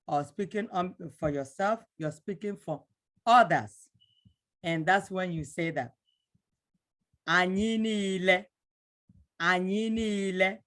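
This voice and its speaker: A middle-aged woman teaching a language lesson, slowly and patiently repeating words for her learners. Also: mid-range voice.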